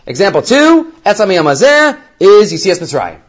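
A man teaching a Torah class in a lively lecturing manner, acting out quoted voices and weaving in Hebrew terms. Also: high-pitched, normal speed. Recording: dull lo-fi recording.

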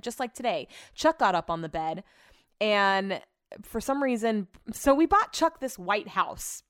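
A woman's voice: medium pitch, fairly quick, clear, resonant tone, no echo, studio quality. Chatty young woman telling stories. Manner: chatty, animated retelling of arguments, acts out quotes; swears casually. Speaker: vlogger. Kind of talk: casual storytelling monologue.

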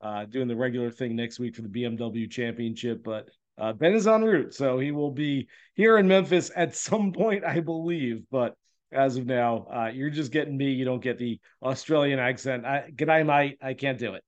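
A man's voice: medium pitch, normal speed, lo-fi sound. A man hosting a golf betting podcast, talking through his picks in an easygoing, conversational way with frequent "uh" fillers. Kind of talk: casual podcast talk giving betting picks.

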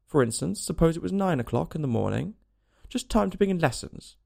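A man's voice: on the high side, expressive, a little fast, gravelly, a little mellow, voice pushed up, exaggerated voice. A man voicing the Hatter, a rude, riddling, eccentric hatmaker. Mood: brusque. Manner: abrupt and contemptuous.

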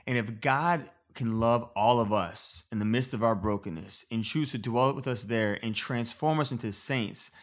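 A man's voice: medium pitch, moderate pace, hardly any pauses. A man from Louisiana, a pastor being interviewed, speaking earnestly about his book. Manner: earnest, flowing. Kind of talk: interview guest.

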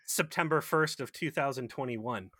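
A man chats on a podcast, tossing in jokes and curses. His voice is mid-pitched, bright and forceful. The sound is close and dry. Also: moderate pace, no room sound. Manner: joking, profane riffing. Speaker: podcast co-host. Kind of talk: casual chat.

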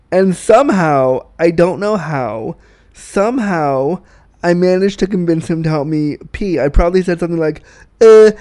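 A man's voice: a little high, a little mellow. A Canadian man hosting a podcast, telling candid stories in a profane, self-mocking way and laughing at his own jokes. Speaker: podcast host. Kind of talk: candid storytelling monologue.

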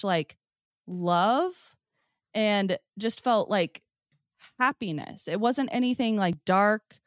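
A woman of middle pitch, recounting her experience to podcast hosts in relaxed, chatty speech. Her words tumble out eagerly, filled with "like" and small restarts. Her voice sounds close and dry, with no room echo. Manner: excited storyteller, peppered with "like" and "um". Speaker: podcast guest. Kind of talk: casual first-person storytelling.

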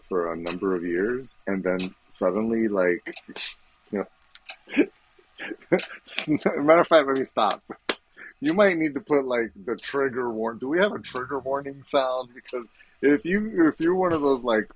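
A man's voice: mid-range voice, slight background noise, low-quality recording. A man co-hosting a podcast, talking loosely with profanity and laughing asides. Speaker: podcast co-host. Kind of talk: casual chat.

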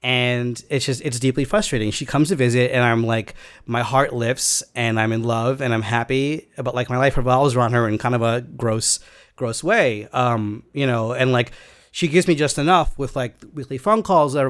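A man's voice: medium pitch, clean tone. Rambling man telling a personal story. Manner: rambling, halting, heavy on fillers and restarts.

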